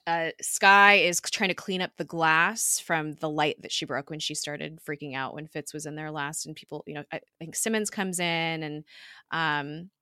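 A woman's voice: deep voice, fairly even intonation, normal speed, sharp tone, no room sound, studio quality. A woman co-hosting a podcast, casually recapping a TV episode in a chatty way, full of fillers and quoted dialogue. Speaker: podcast co-host.

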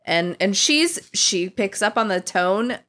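A woman's voice: medium pitch, expressive, slow, fairly bright tone. Podcast co-host lady, blunt, cusses casually, laughs a lot.

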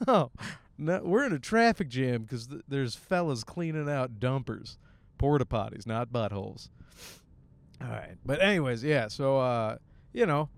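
A man's voice: moderate pace, creaky, no room sound. A young man from Michigan, a stand-up comic hosting his own podcast, rambling crude jokes in casual talk while riding a bus. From Michigan, USA. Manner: crude, jokey, animated with sudden high-pitched bits.

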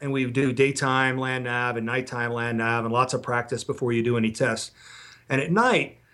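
A middle-aged man and former Special Forces instructor, telling blunt, profane war stories on a podcast. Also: medium pitch. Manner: blunt, profane, animated storyteller. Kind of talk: podcast storytelling.

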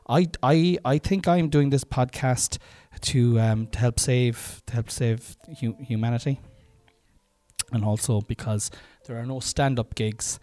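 A man's voice: mid-range voice, dark tone, dry recording. Middle-aged man hosting a rambling podcast. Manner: rambling, self-mocking, many fillers. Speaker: podcast host and stand-up comedian. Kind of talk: casual podcast chat and mic tests. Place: room at home.

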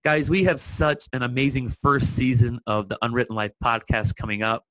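A man's voice: mid-range voice, steady tone, normal speed, a bit bright, no echo, rough recording. A man hosting his own podcast, talking earnestly and encouragingly to his listeners and repeating lines for emphasis. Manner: speaks directly to listeners. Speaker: podcast host. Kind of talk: solo podcast monologue.

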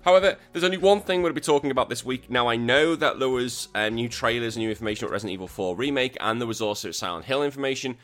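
A man's voice: mid-range voice, very fast, hardly any pauses, faint music behind. A man hosting a podcast, chatting casually and ranting with lots of swearing. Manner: animated, swears a lot, exasperated rants. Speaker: podcast host.

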